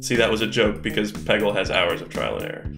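A man's voice: lowish voice, big pitch swings, fast, creaky, over music. A man streaming games live, chatting, thinking aloud and swearing casually as he plays. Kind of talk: live game-stream commentary. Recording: echoey room.

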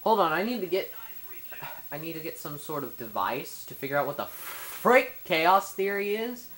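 A young man rambling goofily through a let's play, stammering and yelling at the game. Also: on the high side, very animated, normal speed, poor audio. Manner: goofy, rambling, stammers, yells at enemies. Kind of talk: casual gameplay commentary.

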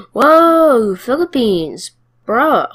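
A woman's voice: on the high side, big pitch swings, extremely slow, a bit bright, husky. A woman giving casual let's play commentary, chatting and playfully trash-talking her opponents. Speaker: gamer.

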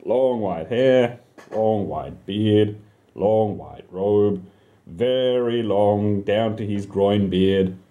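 A man's voice: on the low side, very slow, warm tone. A man telling an absurd comic story about himself in the first person, rambling, swearing and talking back to his listeners.

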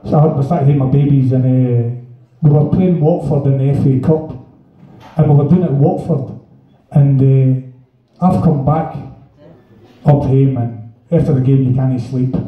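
Swearing man in an echoey hall. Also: medium pitch. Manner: swearing, rambling, laughing mid-story. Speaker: guest storyteller. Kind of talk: live stage anecdote. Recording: echoey hall from far off, dull, crowd.

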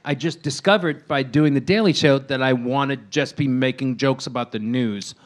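A man's voice: mid-range voice, normal speed. A middle-aged man as a podcast guest, easygoing and dry, tossing in jokey asides during casual chat.

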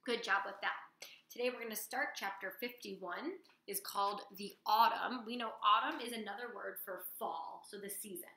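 A woman teacher reading a chapter book aloud to her class, with lively storytelling and questions to her listeners. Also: mid-range voice, moderate pace, roomy sound, rough recording. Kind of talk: read-aloud lesson.

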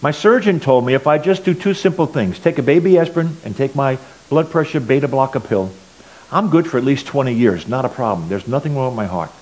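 A middle-aged man giving a personal testimony at church, telling stories earnestly and swinging between loud and quiet. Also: mid-range voice, expressive, brisk, poor audio. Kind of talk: sermon testimony.

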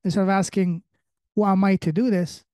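A man hosting a podcast conversation, speaking in a halting, motivational way as he searches for words. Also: sits high, steady tone, mellow, clear, resonant tone, dry recording. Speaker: podcast host.

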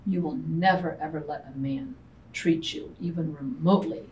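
A woman's voice: sits low, normal speed, darkish tone. A woman co-owner of a restaurant, sharing candid personal stories in a panel talk and acting out family dialogue. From United States. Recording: distant mic with faint background noise.

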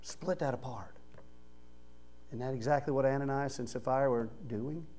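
A man preaching a sermon in church, talking conversationally and swinging from quiet low murmurs to loud, raised emphasis. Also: moderate pace. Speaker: pastor. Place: church sanctuary.

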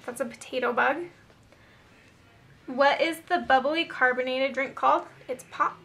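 Young woman, high-pitched, bright tone, chatty vlog, reading a word list. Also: unhurried. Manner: chatty, upbeat, addresses viewers as guys. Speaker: beauty vlogger.

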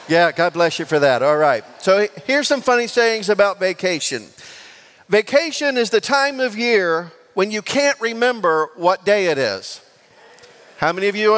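High-voiced joking pastor. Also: male voice, moderate pace. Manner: lively and joking, asks the congregation for responses. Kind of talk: sermon with jokes. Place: large church sanctuary. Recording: long church reverb.

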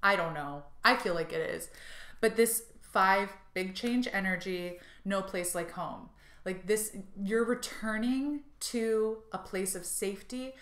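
A woman's voice: mid-range voice, unhurried, fairly bright tone. A woman giving an intuitive card reading to her viewers. She talks in a bubbly, gushing way, with frequent laughs and fillers. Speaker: tarot and intuitive card reader. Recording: roomy echo.

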